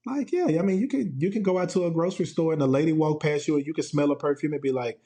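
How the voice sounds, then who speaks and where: A man's voice: on the high side, expressive, fast talker, few pauses, a little mellow. A man hosting a casual solo podcast from home, playful and laughing often as he talks. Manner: playful, laughs often, quotes TV clips in put-on voices. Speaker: podcast host.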